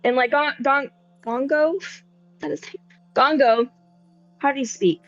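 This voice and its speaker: A woman's voice: sits high, steady tone, a little slow, fairly bright tone, dry recording, highs cut off, faint music behind. A woman voicing a nervous, rambling young man in a tabletop game, talking hesitantly with lots of fillers. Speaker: player. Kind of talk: tabletop role-play in character.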